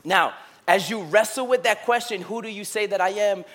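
A male pastor preaching a sermon, moving between loud emphatic bursts and hushed, slow, intimate passages. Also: high-pitched. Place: church sanctuary.

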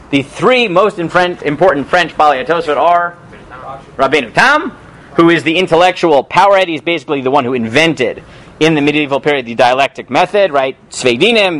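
A man teaching a Talmud class in a relaxed lecture style, often checking in with "right?" and "okay?", reading passages aloud and translating them. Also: fairly high pitch. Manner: animated, peppers talk with "right?" and "okay?"; reads and translates Hebrew and Aramaic text aloud. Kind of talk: informal lecture.

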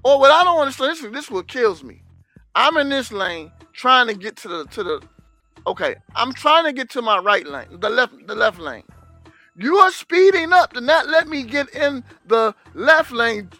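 A man's voice: very high voice, moderate pace, dry recording, soft background music. A man co-hosting a casual chat, telling road stories and acting out angry drivers with swearing. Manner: animated, acts out angry drivers with profanity. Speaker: podcast co-host.

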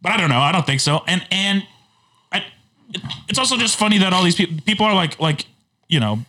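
A man's voice: sits high, animated, fairly quick, bright, forceful tone. A man co-hosting a podcast, chatting casually in a laid-back, joking way and swearing freely. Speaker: podcast co-host. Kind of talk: casual chat.

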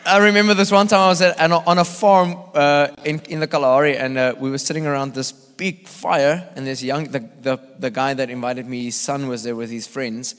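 A male evangelist from South Africa telling animated, laugh-filled stories in a sermon at church. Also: mid-range voice, brisk, hardly any pauses, clear, resonant tone. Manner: animated, acts out voices, laughs often. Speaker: visiting evangelist. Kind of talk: storytelling sermon. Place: church hall. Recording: long church hall reverb.

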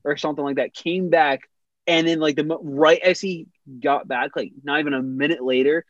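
A man's voice: fairly high pitch, fairly even intonation, moderate pace, fairly bright tone, no echo, lo-fi sound. A young man casually telling a funny story on a podcast, rambling with many restarts and laughing as he goes.

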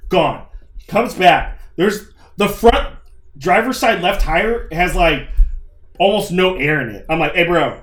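This young man's voice sits high, and he speaks slowly, recorded in an echoey room. His storytelling is casual, animated and profane, with his own lines and other people's acted out.

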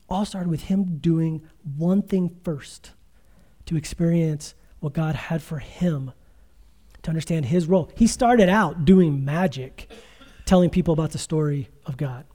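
A man's voice: on the high side, dark tone. A middle-aged man preaching a conversational sermon as pastor, telling stories with quoted asides.

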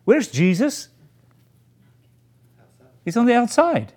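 A man's voice: very high voice, wildly swooping pitch, slow pace, a little mellow. A man preaching a sermon, reading scripture aloud and then explaining it. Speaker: pastor.

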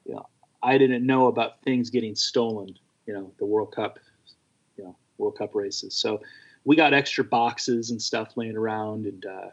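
Husky-voiced man, ex-race mechanic, loose rambling storyteller, slightly muffled lo-fi recording. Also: lowish voice, moderate pace. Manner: rambling, filler-heavy anecdotes. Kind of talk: casual storytelling.

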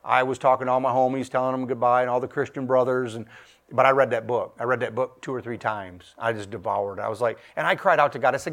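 A man's voice: mid-range voice, steady tone, quick pace, a bit bright. A middle-aged man preaches his testimony to a congregation. His voice sits in a middle register and stays earnest throughout. He stumbles and repeats words as he goes, and he rises in volume when he gets fired up. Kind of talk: testimony sermon.

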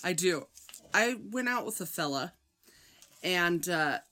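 A woman from the Midwest, co-hosting a podcast and telling a story in a dry, unhurried way. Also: on the low side, animated, sharp tone. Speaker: podcast co-host. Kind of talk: casual chat.

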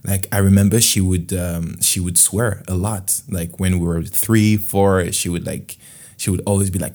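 A man's voice: sits low, steady tone, moderate pace, dark tone. A man from France with a French accent, hosting a casual podcast monologue in a rambling, candid way. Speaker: podcast host.

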